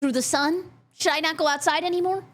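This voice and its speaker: A woman's voice: high voice, fairly even intonation, a little fast, fairly bright tone. A young adult woman streamer giving giggly, joking commentary while reacting to a video. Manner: bubbly, giggly, jokey asides.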